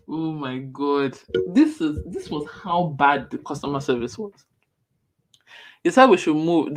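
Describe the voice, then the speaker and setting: Rambling man, higher voice. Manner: rambling, restarts often. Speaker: podcast co-host. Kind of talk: casual chat.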